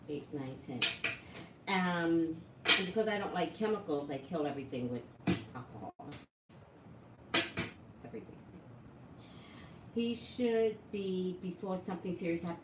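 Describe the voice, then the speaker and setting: A woman's voice: on the low side, distant mic. A woman talking casually to her viewers as a psychic vlogger, chatty and full of questions to the audience. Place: home room with an open door. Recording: echoey room, voice from off-mic, noisy background.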